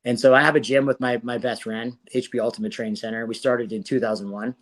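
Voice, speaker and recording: A man in his forties with a mid-range voice speaks quickly as a podcast guest, a former fighter telling his story in a casual interview. His retelling is animated and profane, full of swearing and acted-out quoted dialogue.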